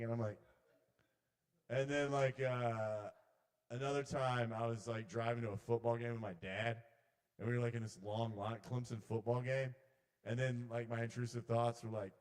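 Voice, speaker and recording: A man's voice: steady tone, a little fast. A man doing a rambling, swearing stand-up set at an open mic in a small bar. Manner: rambling, swearing, shouts the intrusive voices loud and high. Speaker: comedian.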